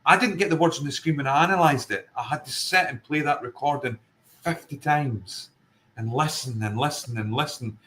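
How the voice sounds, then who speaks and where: A man's voice: medium pitch, normal speed, bright, forceful tone, a little hiss or hum, poor audio. Earnest Scottish man from Fife. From Scotland. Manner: earnest, emphatic, circles back to his point. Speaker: paranormal investigator guest. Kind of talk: casual interview chat.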